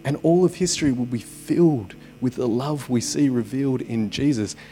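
A man's voice: mid-range voice, normal speed, warm tone, soft background music. Chatty male pastor preaching with humour. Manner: conversational, with joking asides. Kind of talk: sermon. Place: church service.

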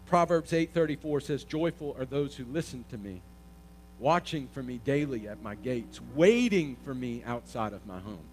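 A man preaching a sermon, asking the congregation questions and swelling to loud emphatic peaks. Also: medium pitch, animated, moderate pace, a little hiss or hum. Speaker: pastor.

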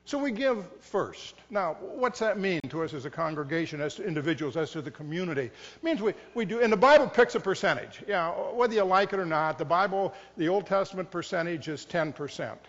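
A man's voice: high-pitched, expressive, brisk, hardly any pauses, a bit bright. A middle-aged man preaching as a pastor, conversational and self-mocking, acting out the inner voices of his listeners. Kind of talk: sermon. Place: church sanctuary. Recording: dull sound, long reverb in a church.

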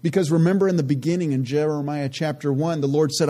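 Man, Bible teacher, mellow warm tone, earnest conversational delivery with plenty of asides. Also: fairly high pitch. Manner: earnest, relaxed, many "you know" asides; reads scripture aloud slowly and deliberately.

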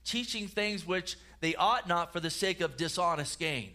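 A man's voice: high voice, expressive, moderate pace, pushed and bright. A man, a pastor, preaching a sermon in an earnest way, often repeating words and restarting phrases.

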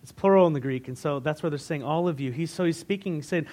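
A man's voice: fairly high pitch, fast talker, hardly any pauses, darkish tone. A man preaching a sermon in a conversational way, asking the congregation questions and retelling scripture in everyday words. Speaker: pastor.

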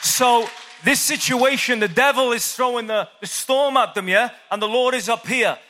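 A man's voice: very high voice, moderate pace, bright, forceful tone. A man preaching a sermon, telling the story with animation and asking the crowd questions. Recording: long hall reverb.

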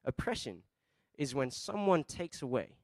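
A man preaching a sermon, asking the congregation questions and calling for responses, shifting between soft asides and loud emphatic peaks. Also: medium pitch, big pitch swings, a little slow, dry recording. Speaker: pastor.

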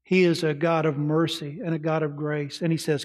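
A man preaching a sermon, asking his listeners questions and dropping to quiet, soft tones. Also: a little high, little pitch movement, normal speed. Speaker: pastor. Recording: reverberant hall.

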